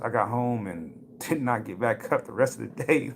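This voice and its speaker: A man hosts a casual cannabis livestream, chatting, telling stories, and greeting viewers by name. His voice sits on the low side at a moderate pace with few pauses, and a little hiss or hum is audible.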